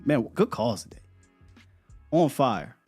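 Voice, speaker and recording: A man's voice: medium pitch, big pitch swings, slow pace, a little mellow, husky, faint music behind. Laid-back man hosting a sports show. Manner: loose, laughing, repeats words. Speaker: sports podcast host. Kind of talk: casual live-stream chat.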